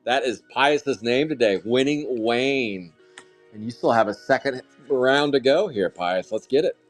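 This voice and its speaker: A man hosting a live trading card break, calling out pulls with loud, excitable, jokey hype. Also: mid-range voice, a little slow. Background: faint music.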